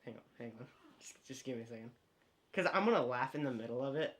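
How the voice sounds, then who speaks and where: A man's voice: mid-range voice, lively intonation, fast. A man chatting on a casual livestream, giggly and hesitant. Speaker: co-host.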